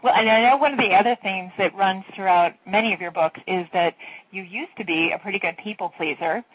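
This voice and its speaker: A radio host quietly asking a guest questions. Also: medium pitch, brisk, slightly rough, dry recording. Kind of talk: radio interview. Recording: dull lo-fi radio audio.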